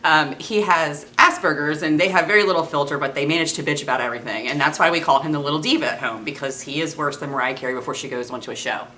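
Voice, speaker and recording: A woman in her thirties, a mother telling a comic story with blunt, animated delivery and some swearing. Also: sits low, fast talker, few pauses. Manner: animated, blunt, swears freely, laughs a lot.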